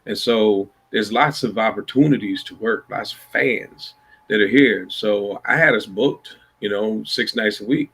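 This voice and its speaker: A man's voice: lowish voice, a little slow, fairly bright tone, breathy edge. A man from Iowa, a blues musician, telling stories in a laid-back, rambling way over a video call. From Iowa, USA. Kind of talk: casual storytelling chat.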